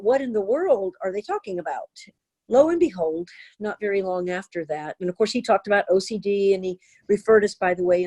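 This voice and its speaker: An older woman, a therapist and author, telling a personal story in an interview with earnest, animated delivery. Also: mid-range voice.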